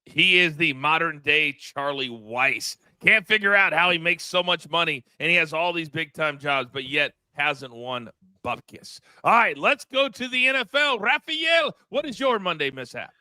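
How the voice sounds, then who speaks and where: A man hosting a sports betting talk show, lively and quick to laugh. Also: a little high, no echo, studio quality. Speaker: show host.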